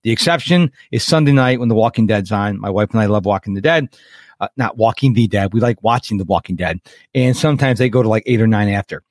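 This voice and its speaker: A man's voice: on the low side, quick pace, no echo. Guy coaching on a live webinar, chatty, keeps asking okay?, dry mic, no room sound. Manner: chatty, animated, acts out quotes and checks in with "okay?".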